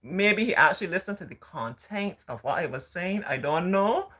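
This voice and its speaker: Low-voiced Barbadian woman with a sing-song drawl. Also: animated, normal speed, fairly bright tone. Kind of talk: storytelling talk.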